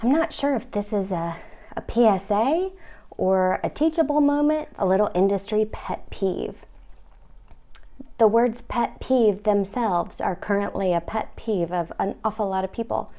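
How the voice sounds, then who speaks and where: A woman's voice: mid-range voice, unhurried, dark tone. A woman hosting a comic instructional video about real estate, talking in a wry, mock-stern, playful way.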